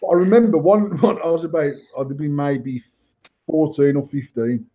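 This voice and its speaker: Guy spinning a sweary story, laughing along, kinda husky, dull muffled audio. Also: on the high side, moderate pace. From United Kingdom. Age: adult. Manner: sweary, animated, laughs through his own story. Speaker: podcast co-host. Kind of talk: casual storytelling banter. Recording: dull lo-fi sound.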